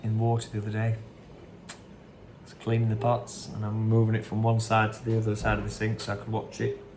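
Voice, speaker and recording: A man's voice: lowish voice, monotone, brisk, a crowd in the background. Chatty man hosting a quiz. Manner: chatty, repeats each question, wanders into anecdotes. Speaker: quiz host. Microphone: phone.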